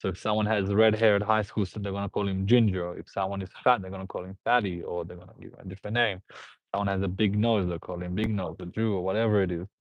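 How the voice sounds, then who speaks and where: A man's voice: low-pitched, fairly even intonation, fast talker, no echo. A man hosting a live stream, rambling through viewer comments, laughing and repeating himself. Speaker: host. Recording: dull, dry lo-fi sound.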